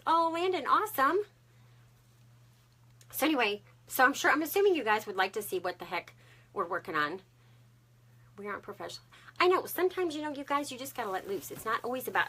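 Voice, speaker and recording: A woman's voice: a little high, a bit bright, slightly rough. A woman, chatting to viewers on a craft live stream and greeting them by name. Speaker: craft livestream host.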